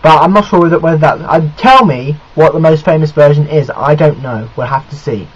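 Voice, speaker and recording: A young man who vlogs about films rambles chattily through a review in a casual video diary, often restarting his sentences. His voice is husky, on the high side and a little fast. The built-in camera mic makes the recording muffled and lo-fi.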